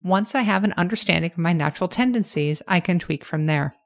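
A woman hosting her own podcast, talking through her plans in a candid, self-reflective, measured way. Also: fairly low pitch, expressive. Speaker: podcast host. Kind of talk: reflective solo podcast monologue.

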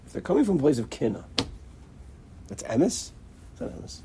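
A man giving an informal religious lecture in a halting way, often repeating words and acting out little dialogues. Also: mid-range voice, huge pitch swings, noisy background. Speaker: religious teacher.

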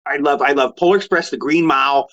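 A fast, animated older man spins his stories on a podcast. His voice sits fairly high for a man. The sound is dull and lo-fi, like a remote line. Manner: animated, quotes others in raised voice. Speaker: guest actor. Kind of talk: casual storytelling. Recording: lo-fi remote audio.

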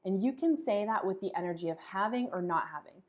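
A woman hosting her own podcast, teaching in a casual, animated way and acting out example phrases in a shifting voice. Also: medium pitch, fairly quick. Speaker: podcast host and law of attraction teacher. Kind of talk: casual explanatory talk.

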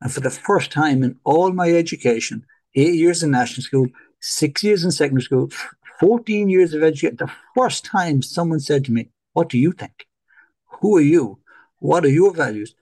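A middle-aged Irish man, a podcast guest, telling stories in lively fashion and acting out dialogue. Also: a little high. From Ireland. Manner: animated, acts out dialogue in his stories. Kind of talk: storytelling in a podcast interview.

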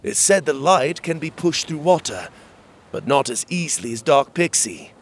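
A man voicing a proud, defiant young male fairy who speaks boldly in a raised, higher voice. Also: sing-song, moderate pace, slight background noise.

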